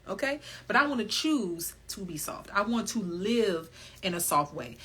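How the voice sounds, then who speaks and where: A woman hosting a wellness podcast, talking candidly on her own in an animated, emphatic way, swearing freely and laughing often. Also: on the low side, moderate pace, breathy edge. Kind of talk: candid solo podcast monologue.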